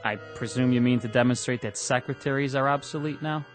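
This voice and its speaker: A man's voice: medium pitch, brisk, faint music behind, lightly acted. A man playing a frank, weary factory technician who talks in a plainspoken, exasperated way. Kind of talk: 1960s radio drama acting.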